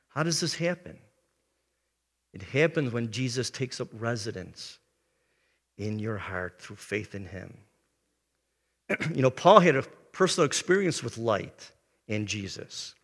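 A man in his seventies, a pastor preaching a sermon and telling a personal story earnestly, clearing his throat often. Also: mid-range voice, animated, unhurried, long pauses, a bit bright, big-room sound. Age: 70s.

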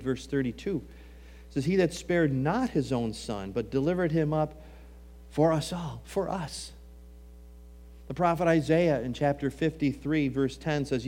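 Dramatic male preacher, slightly high voice. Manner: dramatic swings between hushed and raised delivery; quotes scripture in old-fashioned wording. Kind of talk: sermon.

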